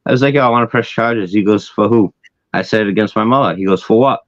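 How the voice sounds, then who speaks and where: A man talks fast in a lowish voice as he recounts a long personal story on a live stream, swearing, animated, voicing other people's dialogue, with an occasional stutter. The audio is dry and lo-fi.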